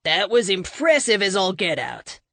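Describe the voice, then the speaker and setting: A cocky young speedster with a Boston accent talks in a lower, gruff tone, as a woman acts him out. He sounds fond of a joke, in a dry audiobook recording. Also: sing-song, normal speed, pushed and bright, dry recording, heavily acted. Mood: joking. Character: brash young male speedster with a big appetite.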